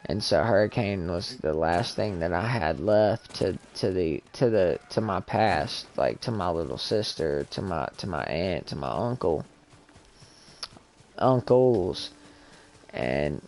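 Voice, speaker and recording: A young man streaming a game, telling a painful personal story in a halting, emotional way with many restarts. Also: sits low, darkish tone. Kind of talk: casual storytelling.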